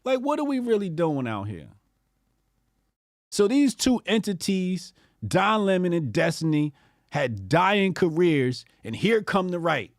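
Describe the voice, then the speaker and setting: This is a man, hosting a political commentary show. His voice sits a little high and swings widely, dropping into low mutters and then jumping up into mocking outbursts. The talk is profane and sneering, and the recording is close and dry. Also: big pitch swings, a little slow, no room sound. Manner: profane, mocking impressions of opponents.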